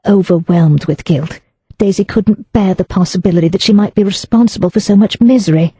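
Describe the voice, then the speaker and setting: A woman narrating an audiobook in a measured storytelling manner. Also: mid-range voice, dark tone, breathy edge, no echo. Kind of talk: scripted narration.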